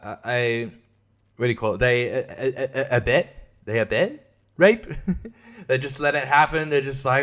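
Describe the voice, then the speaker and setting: A man's voice: mid-range voice, moderate pace, pauses often, a bit bright. A man hosting a podcast, ranting about a film in a sarcastic, profane way, often laughing and mocking characters in put-on voices. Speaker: podcast host. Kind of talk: casual film review rant.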